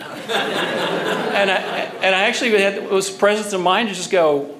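A man's voice: high voice, heavy background noise. Man rambling through a personal testimony. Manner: rambling, halting storytelling. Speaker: speaker sharing at a recovery meeting.

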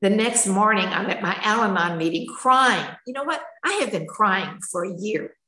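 A woman's voice: mid-range voice, moderate pace, pushed and bright, reverberant, rough recording. An older woman telling her personal story at a recovery meeting, candid and emotional, in a chatty storytelling manner. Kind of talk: personal testimony.

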